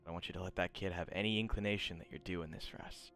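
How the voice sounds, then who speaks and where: A man's voice: low voice, steady tone, quick pace, fairly bright tone, soft background music. Man doing a scheming villain boss, Shigaraki. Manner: curt, conspiratorial, crude. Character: menacing young male villain boss on a phone call.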